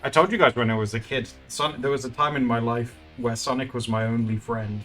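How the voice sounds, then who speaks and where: A man's voice: mid-range voice, steady tone, fairly quick, fairly bright tone, soft background music. A man chatting casually while streaming his art, rambling and laughing often. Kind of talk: casual live-stream chat.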